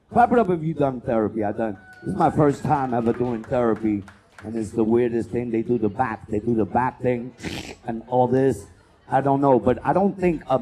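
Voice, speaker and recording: A man doing a loud, profane stand-up comedy set as host, working the crowd and acting out bits. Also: medium pitch, slightly rough. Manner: loud, profane, animated crowd work with acted-out voices.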